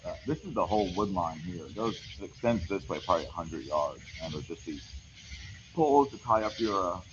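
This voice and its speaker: Walking through a wooded camp at night, a paranormal livestream host chats loosely with his audience, laid-back and rambling, while crickets chirp. He has a low voice with lively intonation and speaks a little fast; the audio is dull with background noise.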